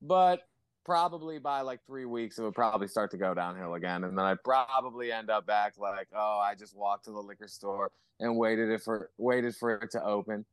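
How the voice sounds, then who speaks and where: A man's voice: fairly low pitch, normal speed, clean tone, no room sound. A man talking in casual podcast chat as a guest musician, rambling with lots of swearing and fillers.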